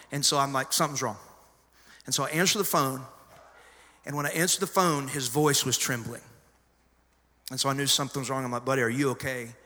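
A middle-aged pastor preaching a sermon, telling stories conversationally with sudden loud emphasis. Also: male voice, mid-range voice. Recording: long hall reverb.

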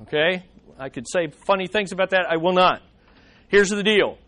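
A man's voice: high voice, normal speed, a bit bright. A man teaching a Bible study lesson in a conversational way, with dry humorous asides and frequent restarts.

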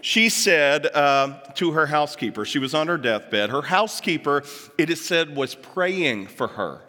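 A man's voice: a little high, expressive, a little slow, bright, forceful tone. A man giving a chatty, joking talk to a live audience, dropping asides and putting on voices for quotes. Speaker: speaker addressing an audience. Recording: long hall reverb.

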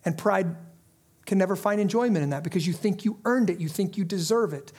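This middle-aged man delivers a sermon as a pastor, talking fast in a husky voice that sits high. He swings from fervent, impassioned appeals to hushed, intense asides.

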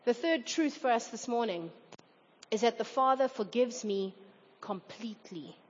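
High-voiced woman preaching a sermon. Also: normal speed. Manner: earnest, acts out quoted voices. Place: church hall. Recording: dull reverberant hall recording.

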